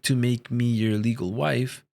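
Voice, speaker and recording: A guy reading the part of a dying woman, sweet and teasing, in his own plain voice at a middle pitch. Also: steady tone, measured pace, gravelly, a little mellow. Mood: tender. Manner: read aloud plainly from a comic page. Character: dying woman, tender and teasing toward her love.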